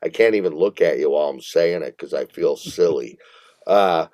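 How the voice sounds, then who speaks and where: A man from Minneapolis, a guest musician on a casual interview, telling an animated, rambling story with cursing and laughter. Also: very deep voice, normal speed, no room sound, studio quality.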